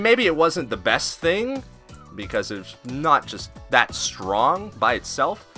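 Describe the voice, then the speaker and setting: A man with a very bright, sharp voice talks through game commentary in a loose, joking way. His pitch leaps around freely, and he throws in swearing and silly asides. Faint music plays underneath him. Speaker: host. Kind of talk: casual commentary.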